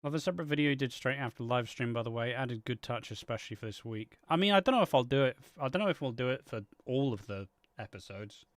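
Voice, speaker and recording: A man with a middle-pitched voice chats casually while watching a soap with a friend, blunt and quick to swear. His voice sounds dry and close, with no room echo. He laughs easily between remarks. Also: expressive. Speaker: co-host reacting to a soap episode. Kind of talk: casual watch-party chat.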